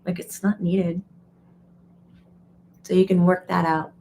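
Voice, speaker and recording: A woman hosting a casual live stream, chatty and animated, breaking into quoted voices and laughing often. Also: fairly low pitch, takes it slowly, slight background noise. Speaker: medium and teacher. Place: home or studio, live stream.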